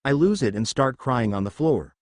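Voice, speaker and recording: A man's voice: medium pitch, expressive, moderate pace, no echo, clean studio sound. A man narrating a first-person fan fiction story and reading every character's lines in his own voice. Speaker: fanfiction narrator.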